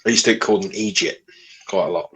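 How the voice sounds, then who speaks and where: Man, low voice, podcast co-host, casual chat, blunt, swearing. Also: quick pace, creaky, sharp tone. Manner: blunt, sweary, laid-back sighs.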